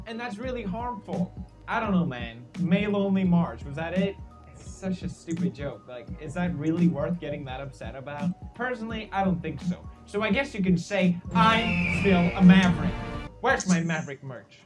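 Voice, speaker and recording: Mock-outraged man with loud music. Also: sits high, expressive, normal speed. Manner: mock-outraged, sarcastic jokes. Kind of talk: comedic news commentary. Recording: distant voice over loud music.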